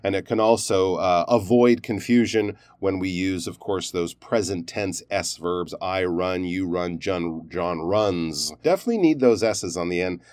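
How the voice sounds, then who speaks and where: A man's voice: low voice, normal speed, hardly any pauses, darkish tone, dry recording, clean studio sound. A man teaching pronunciation, reviewing learners' recorded sentences and explaining stress and endings in an encouraging, explanatory way.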